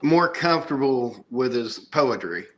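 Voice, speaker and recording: A man's voice: medium pitch, expressive, a little slow, crowd noise. A middle-aged man hosting a casual podcast chat, rambling with enthusiasm as he shows things off. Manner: rambling, enthusiastic show-and-tell. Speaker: podcast host. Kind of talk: casual chat showing comics.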